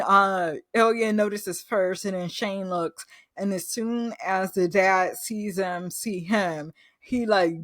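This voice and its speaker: A woman's voice: medium pitch, no room sound. A woman host gushing through a casual recap review, losing her words and acting out quoted lines.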